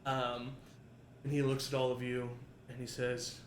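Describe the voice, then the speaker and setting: A man's voice: mid-range voice, monotone, a little slow. Man GM narrating a tabletop game, rambling, echoey room, faint hum. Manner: rambling, filler-heavy narration. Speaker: game master. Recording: roomy echo, faint ambience.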